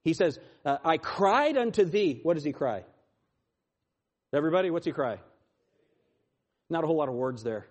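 A man preaching a sermon in a slightly higher-pitched voice. He swings from loud, pleading lines to hushed, quiet ones, and slows right down to stress the key lines. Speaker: pastor.

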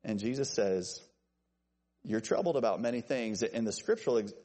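Husky guy preaching, voice jumping all over, chatty asides to the crowd. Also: moderate pace. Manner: animated, jokey asides to named listeners, lively pitch swings. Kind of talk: evening church sermon.

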